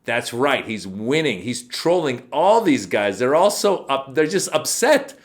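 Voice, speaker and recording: A man's voice: unhurried, hardly any pauses. A man hosting comedic political commentary, mocking and sarcastic, sometimes mimicking others. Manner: mocking, animated, mimics others in shrill voices. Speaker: comedian host.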